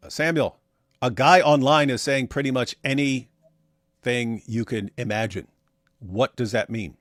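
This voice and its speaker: Co-hosting a casual livestream, a man reads viewers' super chats aloud and answers them with sarcastic, mocking asides. His mid-range voice is steady, measured and fairly bright, captured in clean studio sound with no room noise.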